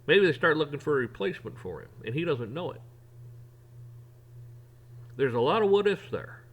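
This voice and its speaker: A man's voice: on the high side, sing-song, normal speed. A man hosting his own opinion show, ranting bluntly with profanity and repeated restarts. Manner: repeats words and restarts when worked up. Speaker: podcast host. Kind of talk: opinion rant.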